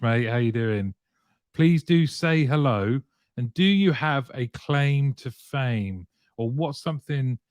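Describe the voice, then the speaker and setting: A man's voice: mid-range voice, no room sound, studio quality. A man hosting a weekly live show, chatting and greeting viewers one by one by name.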